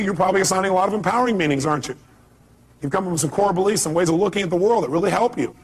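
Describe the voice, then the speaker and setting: A man's voice: high-pitched, a bit bright, husky. A man speaking live at a seminar, emphatic and repeating his key phrases, firing questions at the audience. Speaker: motivational speaker. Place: seminar hall.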